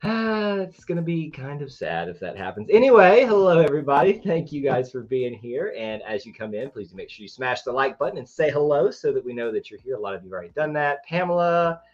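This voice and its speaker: Chatty excitable man hosting trivia. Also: mid-range voice, a little fast, hardly any pauses, lo-fi sound. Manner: chatty and excitable, jumps between thoughts. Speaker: co-host of a Disney trivia show. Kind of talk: casual livestream chat.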